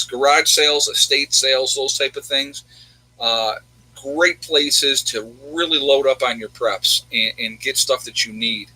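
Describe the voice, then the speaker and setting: Chatty man, bright voice, live chat. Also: medium pitch, husky, poor audio. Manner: rambling, chatty, reads out viewer comments. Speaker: livestream host.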